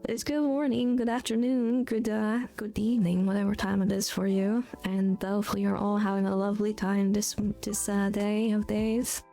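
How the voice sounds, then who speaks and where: A woman streamer rambles through casual chat with her viewers, giggly and goofy. Her voice carries a gravelly vocal fry with a dark, mellow tone. Faint music plays behind her. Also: medium pitch, little pitch movement, normal speed, few pauses. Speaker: live streamer.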